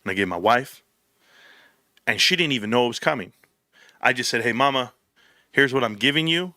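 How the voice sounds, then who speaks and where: A man's voice: medium pitch, a little fast, no echo, studio quality. A man hosting his own channel, rambling casually with slang and acting out little dialogues as he tells stories. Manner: animated storytelling, slangy, plays out dialogue in voices. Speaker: YouTube host.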